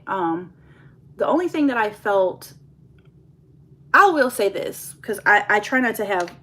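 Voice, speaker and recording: A woman's voice: medium pitch, a bit bright, a little hiss or hum. Candid woman confiding to viewers. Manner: candid, confessional, laughs while telling, addresses viewers as y'all. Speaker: vlogger. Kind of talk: casual get-ready-with-me chat to viewers.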